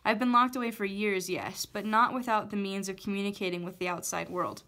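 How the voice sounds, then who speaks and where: A woman's voice: medium pitch, steady tone, brisk, sharp tone. Woman reading a haughty, coaxing witch for a storybook. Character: wounded scheming witch, woman.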